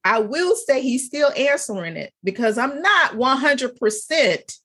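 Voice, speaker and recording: A woman with a husky, slightly breathy voice tells personal stories in a relaxed faith-centered chat. Her pitch leaps up when she drives a point home, and she laughs easily between phrases. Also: measured pace. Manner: animated storyteller, laughs often, pitch jumps up for emphasis. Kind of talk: casual faith-based conversation.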